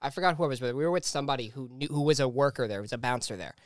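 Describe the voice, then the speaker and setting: Young man, podcast co-host, casual chat, rambling, mid pitch, dry. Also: animated, racing, no echo. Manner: rambling, laughing storyteller.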